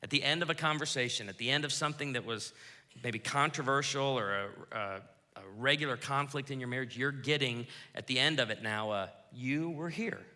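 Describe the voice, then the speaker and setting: A man preaching a sermon as pastor, lively, acting out quoted lines as he goes. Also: medium pitch, brisk. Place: church auditorium. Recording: reverberant church hall.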